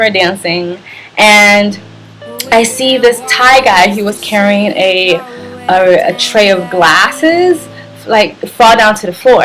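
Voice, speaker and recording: A young woman vlogger telling a story in a casual, animated way, full of fillers and little laughs. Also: mid-range voice, rough recording. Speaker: travel vlogger.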